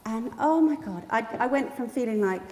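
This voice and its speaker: A middle-aged woman tells a story to a group of staff she is training. She slips into the voices of the people in it and laughs easily. Her voice sits a little high, and the hall around her rings with a long echo and faint background noise. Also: moderate pace. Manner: lively storyteller who acts out quotes and laughs often. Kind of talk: storytelling anecdote in a training talk.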